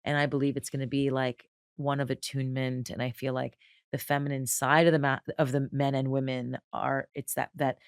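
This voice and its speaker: A woman's voice: very deep voice, level tone, fairly quick, dry recording, studio quality. A woman entrepreneur talking animatedly as a podcast guest, emphatic, restarting and repeating words as she goes. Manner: drops into soft, breathy quoted voices. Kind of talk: casual conversational interview.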